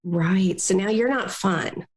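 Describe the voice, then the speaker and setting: A woman consultant giving advice in a podcast interview, talking in a lively way and acting out complainers in little quoted voices. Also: medium pitch, takes it slowly, roomy sound. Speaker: guest consultant on difficult people.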